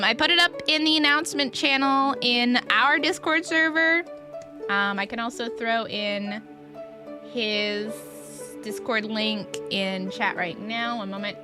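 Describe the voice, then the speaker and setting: A woman streamer chatting casually to her chat while she plays, rambling and restarting her sentences. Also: fairly high pitch.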